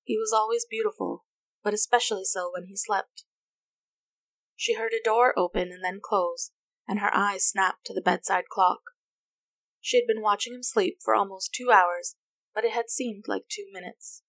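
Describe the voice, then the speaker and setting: A woman reading a story aloud as narrator, in an even, unhurried manner. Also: mid-range voice, no echo. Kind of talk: reading fan fiction aloud.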